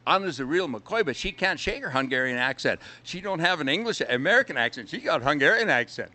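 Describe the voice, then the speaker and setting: A man's voice: on the high side, expressive, fairly quick, pushed and bright. An older man, a winery owner, chatting as a radio guest and telling stories, with a jokey sung bit. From Minnesota. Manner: chatty storyteller, sings a jokey song. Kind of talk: casual radio interview chat.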